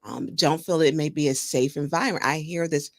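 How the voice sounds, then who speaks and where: A woman hosting a talk show, chatting casually with a guest and telling stories in an animated way. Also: deep voice, fairly quick, dry recording, studio quality. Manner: storytelling, animated, laughs while talking. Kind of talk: casual interview chat.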